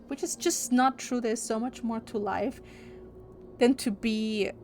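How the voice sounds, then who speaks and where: A young woman streamer chatting casually and candidly, opinionated and swearing freely. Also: fairly high pitch. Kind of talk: casual livestream chat.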